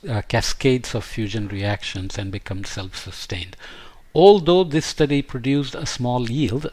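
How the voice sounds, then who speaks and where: A man giving an explanatory science lecture over slides, thinking aloud with frequent hesitant fillers and self-corrections. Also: medium pitch.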